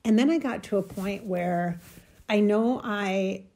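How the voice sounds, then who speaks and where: A spiritual channel host, a woman with a medium-pitched, dark-toned voice, tells a personal spiritual story haltingly and emotionally, searching for words and getting choked up.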